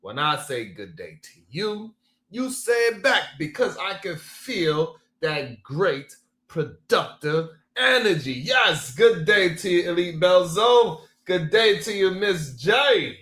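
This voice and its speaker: Playful, slow-talking male stream host. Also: sits high, very animated, sharp tone, reverberant. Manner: greets chatters by name, laughs often, playful. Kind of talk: casual live-stream chat.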